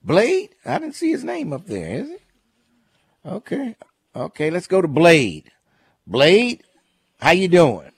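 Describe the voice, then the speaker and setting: A man's voice: high-pitched, huge pitch swings, takes it slowly, long pauses, breathy edge, dry recording. A man hosting a call-in radio show, telling stories in a chatty, amused way and reading out the phone number. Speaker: radio talk show host. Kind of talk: casual call-in radio talk.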